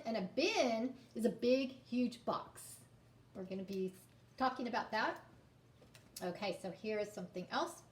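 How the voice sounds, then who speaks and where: Woman teacher doing a phonics lesson for little kids, slow and sing-songy, kinda high voice, echoey room. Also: lively intonation. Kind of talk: reading lesson for young children.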